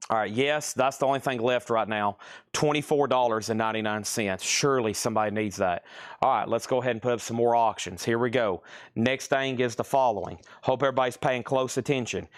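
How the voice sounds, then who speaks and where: A man hosting a live-streamed record sale, chatting quickly through prices and buyer names, a bit out of breath. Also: mid-range voice, clean tone, no room sound, studio quality.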